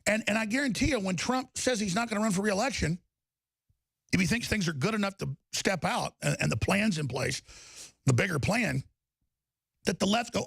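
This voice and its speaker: A man's voice: sits high, animated, moderate pace, vocal fry, a bit bright, slightly rough, no room sound. A man hosting a talk show, delivering heated, emphatic political commentary and repeating words as he gets riled up.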